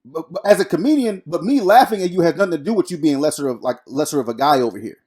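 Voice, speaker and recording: A man co-hosting a podcast in a relaxed, slangy way, often restarting his sentences. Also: a little high, quick pace, breathy edge. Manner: laid-back, slangy, hesitant restarts. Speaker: podcast co-host. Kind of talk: casual chat.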